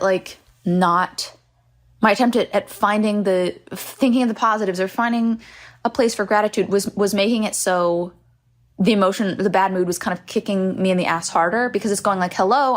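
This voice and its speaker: Young woman podcast host, solo rant, irritable and self-mocking, swears a lot. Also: mid-range voice. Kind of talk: casual solo podcast monologue. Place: hotel room.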